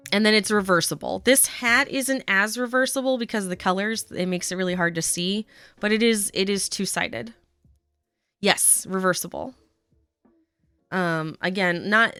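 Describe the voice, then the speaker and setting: Bright, chatty woman knitting streamer. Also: medium pitch, clean tone, no echo. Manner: chatty, excitable, says "um" and "y'all" often. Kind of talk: casual live-stream chat with viewers.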